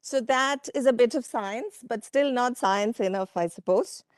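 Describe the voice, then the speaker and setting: A woman giving a workshop presentation from slides, speaking in a measured way with frequent fillers and asides to the audience. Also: a little high, smooth, no room sound, studio quality. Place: conference room.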